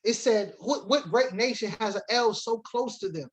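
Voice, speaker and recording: Reading scripture aloud and defining words, a man gives a congregation a sermon-style Bible lesson, mixing emphatic preaching with casual asides. His voice sits high, his speed is normal, and the recording is rough.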